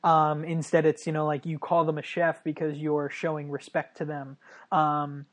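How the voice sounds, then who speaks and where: Low-voiced woman with dry quips. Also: level tone. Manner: laughing, dry quips, halting with fillers. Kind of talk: casual chat.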